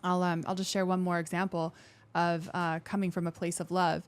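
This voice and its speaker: A woman veteran speaking as a podcast guest in casual interview talk, candid and expressive, acting out quoted thoughts in lively voices and swearing now and then. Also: lowish voice, normal speed, clear, resonant tone. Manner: frank, with occasional swearing.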